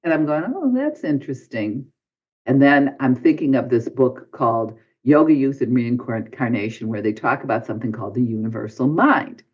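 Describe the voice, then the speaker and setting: A man's voice: medium pitch, expressive, normal speed, breathy edge. A man guest on a podcast, telling a personal story and acting out his own past lines with big swings of voice. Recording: dull lo-fi podcast audio.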